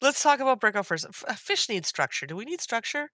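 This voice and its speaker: A woman in her thirties co-hosting a casual gaming podcast, hoarse from being sick and talking in an animated way, laughing and wandering off topic. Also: fairly high pitch, fast talker, no echo. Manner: animated, laughs often, jumps between topics. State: hoarse from illness. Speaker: podcast co-host. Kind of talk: casual chat.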